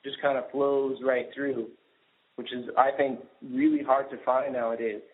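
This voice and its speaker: A man's voice: mid-range voice, level tone, normal speed, slight background noise. A man hosting a podcast interview, asking long, loose, chatty questions with fillers. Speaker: podcast host. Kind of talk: casual interview talk. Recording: tinny phone-like sound.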